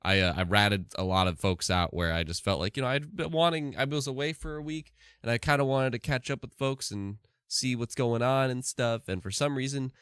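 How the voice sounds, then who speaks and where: A man's voice: medium pitch, a little fast, few pauses, fairly bright tone, clean tone, dry recording, clean studio sound. A sleep-deprived man streaming live, chatting casually and rambling with many restarts. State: tired from no sleep.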